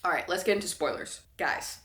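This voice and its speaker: A woman's voice: fairly low pitch, animated, a little fast, a bit bright. Girl in her 20s doing a chatty book review, super blunt, keeps cracking up. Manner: blunt, exasperated, laughs often while ranting. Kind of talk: casual spoken book review.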